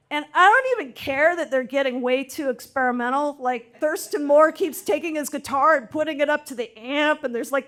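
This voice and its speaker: High-voiced woman telling a wry story. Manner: wry, animated, self-mocking. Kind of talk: live personal storytelling on stage.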